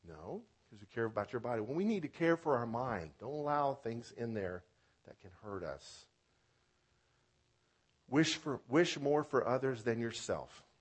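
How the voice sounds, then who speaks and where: A male pastor at a medium pitch delivers his sermon with lively, animated energy. He leans on playful wordplay and repeated phrases. His voice swings from loud, emphatic declarations to soft, hushed lines. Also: husky.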